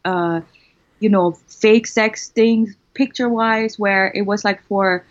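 A woman talking in an interview who hesitates often and fills the gaps with small filler words. Her pitch sits around the middle for a woman, and the recording is a little dull. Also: fairly even intonation, slow. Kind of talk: casual interview talk.

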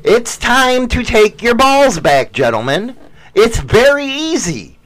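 High-pitched, lively, profane man. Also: slow. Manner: profane, boastful, mock-preaching. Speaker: podcast co-host. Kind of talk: casual banter.

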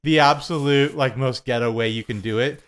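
A man's voice: medium pitch, normal speed, fairly bright tone. Young male co-host, loose self-deprecating rambler with frequent laughter. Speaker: podcast co-host. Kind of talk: casual chat.

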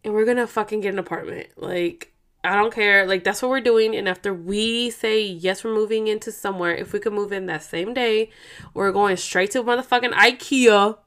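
A woman's voice: mid-range voice, normal speed, a bit bright. A woman, hosting a vlog in casual chat, rambling and swearing freely as she tells stories. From Oakland, California. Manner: rambling, profane, slangy storytelling. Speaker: vlog host.

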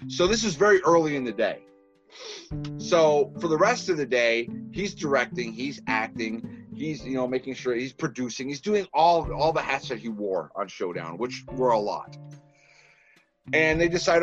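A man's voice: medium pitch, moderate pace, dull audio, music in the background. Man with a Boston accent. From Massachusetts. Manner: rambling, animated storyteller with many restarts. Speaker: filmmaker guest. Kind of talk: casual interview chat.

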